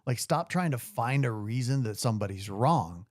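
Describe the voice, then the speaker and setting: A man's voice: mid-range voice, expressive, normal speed, no room sound, clean studio sound. A man hosting a podcast interview, who talks in a loose, casual way and swears freely. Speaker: podcast host.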